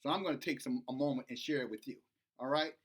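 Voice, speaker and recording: A man's voice: mid-range voice, fast, breathy edge. A middle-aged man giving emphatic, repetitive commentary in a preachy vlog. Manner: emphatic, repetitive, rising to heated. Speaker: online commentator.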